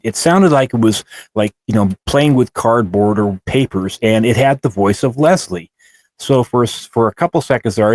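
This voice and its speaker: A man's voice: on the low side, darkish tone, dry recording. A middle-aged man co-hosting a show, recounting his own experiences in a rambling way with many restarts. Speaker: co-host. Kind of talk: casual first-person storytelling.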